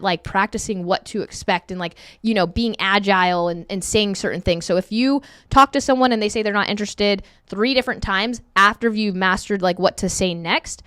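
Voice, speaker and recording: Brief: woman sales trainer on a video call, smooth clear voice, casual coaching tone. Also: mid-range voice, dry recording, studio quality. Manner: upbeat and conversational, acts out sample calls. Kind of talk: screen-share training session.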